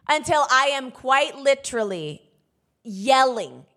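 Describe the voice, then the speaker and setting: A woman's voice: a little high, very animated, measured pace, fairly bright tone. A woman minister giving a conversational sermon, candid and emphatic, speaking straight to her listeners.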